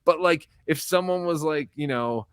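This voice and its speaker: A man's voice: fairly high pitch, normal speed, smooth, no room sound. A man guesting on a casual live-stream interview, a rambling, profane comedian who tells long anecdotes.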